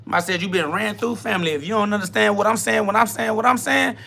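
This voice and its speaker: A man's voice: high-pitched, quick pace, creaky, pushed and bright. A man hosting a profane self-talk podcast, ranting bluntly in a combative, taunting way. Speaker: podcast host.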